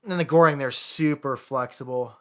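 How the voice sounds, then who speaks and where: A man's voice: medium pitch, fairly even intonation, normal speed, fairly bright tone, soft background music. A man, a jaw harp player and maker, giving a casual live-streamed lesson and often restarting his sentences. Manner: casual, chatty, with frequent restarts.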